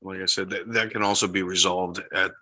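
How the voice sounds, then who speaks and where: Man at town board meeting, very deep voice, sharp tone, measured explaining. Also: flat delivery.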